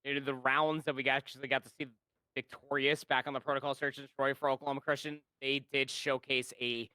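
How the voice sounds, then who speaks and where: A man's voice: mid-range voice, flat delivery, brisk, sharp tone, clean tone, no room sound. A man giving live esports color commentary, chatty and rambling, with lots of fillers as he breaks down plays. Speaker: esports caster.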